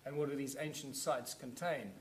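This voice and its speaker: A man's voice: medium pitch, fairly even intonation, moderate pace, a little hiss or hum. A man giving a conference lecture, explaining things and pointing them out to his audience as he demonstrates. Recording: echoey room.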